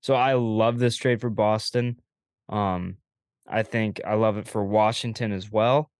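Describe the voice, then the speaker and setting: A young man hosting a casual sports chat, giving relaxed, opinionated takes with loose swearing. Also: on the low side, measured pace, no room sound, clean studio sound. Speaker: podcast host.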